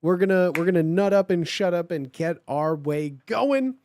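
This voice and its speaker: A livestream host doing a comedic live reading of fan fiction. The voice is hoarse from hours of talking, and the delivery is playful and slangy, swinging between loud bursts and mumbles. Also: medium pitch, moderate pace, slight background noise.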